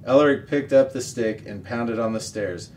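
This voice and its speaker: A man reading a children's novel aloud as the show's regular reader, steady and expressive. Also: mid-range voice, normal speed. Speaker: story reader. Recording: distant mic, faint noise.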